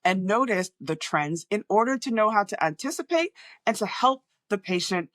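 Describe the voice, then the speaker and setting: A woman with an international accent that is often mistaken for American talks to camera as a communication coach. Her pitch swings widely, and she acts out patients' remarks in voices. The sound is dry and close to the mic. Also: lively intonation, normal speed, fairly bright tone, dry recording. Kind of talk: direct-to-camera talk.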